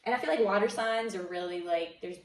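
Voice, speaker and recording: A woman's voice: mid-range voice, brisk, far from the mic. A young woman giving a casual tarot reading, rambling and full of "like" and "um.". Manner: rambling, heavy on "like" and "um". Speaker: tarot reader. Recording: echoey room, mic set back.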